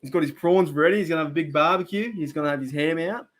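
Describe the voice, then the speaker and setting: A man's voice: a little high, fast talker, a bit bright. A young Australian man hosting a casual live stream, chatting to viewers in a rambling way with lots of restarts and fillers. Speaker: live stream host reacting to football.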